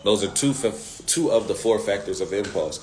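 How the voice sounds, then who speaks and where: A man teaching sales techniques in an animated way, repeating key phrases and talking with slang. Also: on the low side, moderate pace. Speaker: sales coach.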